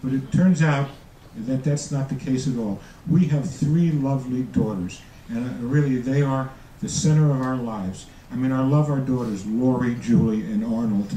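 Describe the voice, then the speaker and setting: In a noisy, echoey room recorded from a distance, a man in his seventies, a student comedian, does a stand-up set of dry, self-mocking jokes for a live audience. His medium-pitched, warm voice comes in halting bursts full of restarts, while audience laughter and room noise fill the background.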